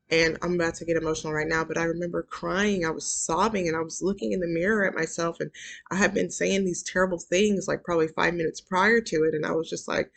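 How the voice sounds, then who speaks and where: A woman's voice: lowish voice, fairly even intonation, moderate pace, gravelly. A woman giving a candid, confessional motivational talk as an intuitive card reader and self-love coach. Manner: candid and confessional, growing emphatic.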